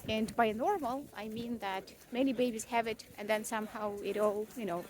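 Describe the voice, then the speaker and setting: A woman's voice: on the high side, steady tone, moderate pace, darkish tone. A young mother venting in a casual, rambling vlog, frank and self-mocking, with frequent swearing and fillers. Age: young adult. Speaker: vlogger, mother.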